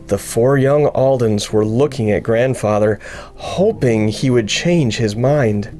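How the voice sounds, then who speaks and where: A man narrating a children's storybook in an expressive, unhurried reading. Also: medium pitch, faint music behind. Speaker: audiobook narrator.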